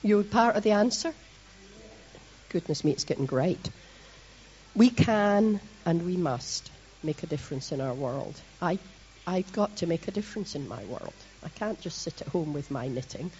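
A middle-aged Scottish woman from Scotland giving a lively, chatty sermon to her congregation, with self-mocking asides. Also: lowish voice, normal speed, slightly rough, lo-fi sound. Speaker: church leader preaching.

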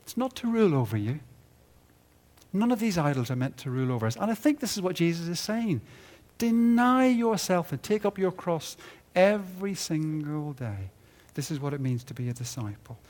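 Male preacher, sermon, slightly high voice, dramatic swings from loud to hushed. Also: expressive, normal speed. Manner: rises to loud emphatic peaks, drops low at line ends. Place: conference hall.

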